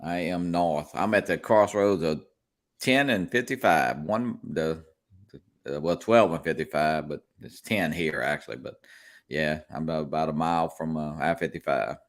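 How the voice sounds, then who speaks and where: This is a laid-back man from South Louisiana, hosting a relaxed chat with friends. His voice sits very low. He tells stories in an easygoing, chatty way and often breaks into a laugh. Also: normal speed. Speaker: host of a live drone chat. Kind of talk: casual chat.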